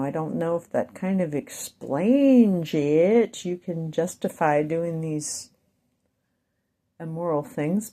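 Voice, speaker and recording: A woman with a Midwestern accent talking in a rambling vlog monologue, speaking slowly and deliberately with wandering asides. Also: low voice, mellow. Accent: Midwestern American. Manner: wandering, self-interrupting asides. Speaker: vlogger.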